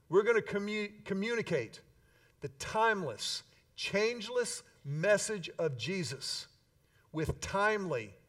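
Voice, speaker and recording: A man preaching a sermon as pastor, emphatic and energetic, with playful asides to the congregation. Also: sits high, recorded from a distance.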